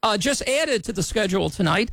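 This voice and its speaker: High, gravelly-voiced man on radio. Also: lively intonation, brisk, fairly bright tone, dry recording. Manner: easygoing, chuckles along. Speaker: local music scene contributor on radio. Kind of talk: casual radio chat. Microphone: studio microphone.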